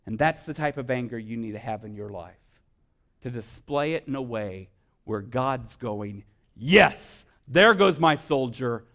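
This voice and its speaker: A man preaching a sermon, building from quiet, soft-spoken stretches to loud, passionate exhortation. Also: medium pitch, expressive, unhurried. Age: adult with children. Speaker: pastor.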